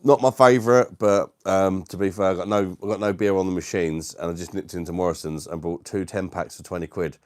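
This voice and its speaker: A man's voice: low voice, fairly even intonation, brisk, few pauses, no echo, clean studio sound. A British man hosting a casual live stream from his dining room, greeting viewers and chatting in a laid-back way with frequent laughs. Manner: laid-back, laughs often, says mate a lot. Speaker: livestream host.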